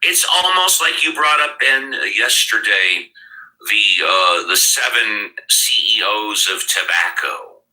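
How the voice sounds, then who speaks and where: A man's voice: lowish voice, lively intonation, slow, sharp tone, rough recording. An older man hosting a live-stream talk show, blunt and emphatic, swearing at times. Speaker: podcast host.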